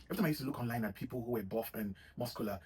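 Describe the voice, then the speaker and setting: A man's voice: mid-range voice, very fast, a little mellow, slight background noise, poor audio. A man giving casual motivational advice to his viewers, rambling and often adding "you know what I mean.". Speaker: vlogger giving gym advice. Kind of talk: casual motivational talk to camera.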